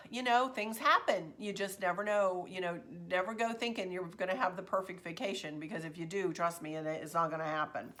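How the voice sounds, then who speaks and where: A woman telling a story in a chatty, expressive vlog. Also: lowish voice, a little fast. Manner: chatty, expressive, says "y'all". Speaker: vlogger.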